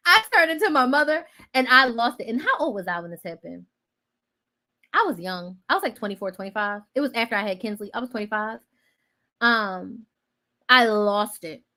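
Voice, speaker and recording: A woman hosting a casual chat, telling a personal story in a dramatic way that swings between loud outbursts and quiet asides. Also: a little high, expressive, normal speed. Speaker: host.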